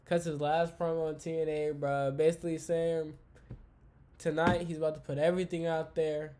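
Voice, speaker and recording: A man's voice: on the high side, normal speed, a little hiss or hum. Slangy, profane young man recapping wrestling. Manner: slangy, profane, excitable banter; talks to a live chat. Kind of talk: casual wrestling show recap.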